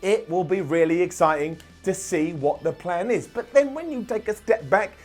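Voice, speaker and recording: A man's voice: high-pitched, lively intonation, normal speed, a little mellow. A young man recapping a wrestling show in an opinionated, sarcastic way, with jokey asides. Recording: light background music.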